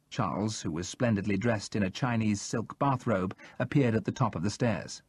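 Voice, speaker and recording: A man narrating a first-person thriller audiobook in a steady, measured way, read close to the mic. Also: fairly low pitch, husky, no room sound.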